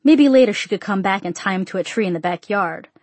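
A woman narrating a short story in an even, measured audiobook reading. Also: medium pitch, no echo.

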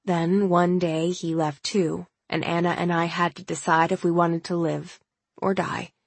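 A woman reading the lines of a shy, guarded young man who has long fended for himself, spoken quietly and hesitantly. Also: fairly low pitch, flat delivery, measured pace, vocal fry, dry recording.

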